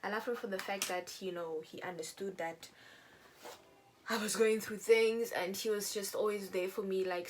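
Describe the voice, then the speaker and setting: Woman, young adult, chatty, mid-pitched voice, lively retelling, light background hiss. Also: moderate pace. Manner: chatty, animated, acts out quoted people. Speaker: beauty vlogger. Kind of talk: casual storytelling while doing makeup.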